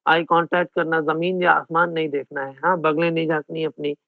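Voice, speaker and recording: Male Indian English tutor, raspy and high, mixes in Hindi, heard over a tinny, dry line. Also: level tone, very fast, no echo. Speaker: exam coaching teacher. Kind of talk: online class lecture. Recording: phone-like narrow band, dry.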